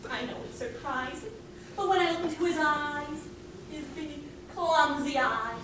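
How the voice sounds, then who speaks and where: A woman's voice: high voice, unhurried. A woman playing a grand, tipsy drawling chaperone. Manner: languid, grand, drawling with laughs. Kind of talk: stage musical performance. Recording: distant echoey stage with loud noise.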